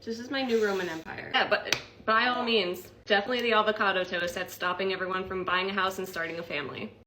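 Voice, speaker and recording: A woman's voice: mid-range voice, steady tone, fast. A woman talking to her phone about grocery prices, exasperated and sarcastic. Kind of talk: grocery haul rant. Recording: clear background noise.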